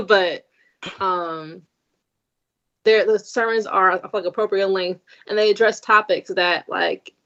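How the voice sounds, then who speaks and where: A woman's voice: medium pitch, fairly even intonation, a little slow, a bit bright. A young woman speaking thoughtfully in a casual chat, with many fillers like "like" and "um". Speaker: podcast guest. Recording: muffled remote audio.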